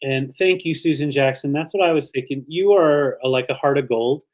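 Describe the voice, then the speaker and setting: A man with a mid-range voice and normal pace co-hosts a live online vintage sale. He chats and rambles with plenty of fillers, gets emotional, shows off items, and thanks viewers.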